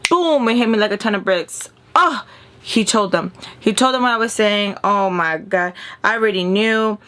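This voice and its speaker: A young woman with a raspy voice, chatting casually and animatedly in a storytime vlog, recorded inside a parked RV. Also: mid-range voice, normal speed. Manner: chatty, animated, swears freely. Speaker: YouTuber telling a story. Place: inside a parked RV with a fan running.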